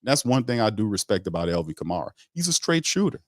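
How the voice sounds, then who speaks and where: Man, sports show host, lowish voice, blunt emphatic ranting, dry close sound. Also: very animated, fast talker, dry recording. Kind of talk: casual sports talk rant.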